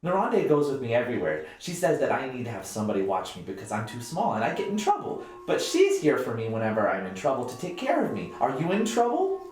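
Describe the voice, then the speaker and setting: A man's voice: medium pitch, huge pitch swings, fast, hardly any pauses, a little mellow, far from the mic, a little hiss or hum, voice pushed up. A man voicing a tiny, cheerful teenage female half-orc who talks in an eager, friendly way. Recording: echoey room.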